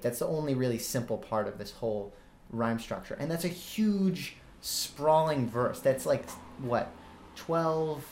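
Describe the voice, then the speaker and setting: A young man talks through song lyrics with earnest, analytical care, pausing with small fillers before reciting lines. His voice sits at an ordinary middle pitch. The room gives it a noticeable echo. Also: a little mellow, slight background noise. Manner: earnest, quotes lyrics with hesitations. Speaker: student interviewer. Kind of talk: analytical discussion. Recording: roomy echo.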